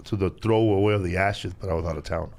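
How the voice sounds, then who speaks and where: A man hosting a podcast, telling a story in a halting, rambling way full of fillers. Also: deep voice, fairly even intonation, darkish tone. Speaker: podcast host. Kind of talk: casual chat.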